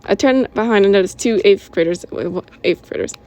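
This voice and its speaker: A woman's voice: medium pitch, a little fast, darkish tone. A woman reading her own story aloud in a casual way, correcting herself as she goes. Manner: informal, with self-corrections and giggles.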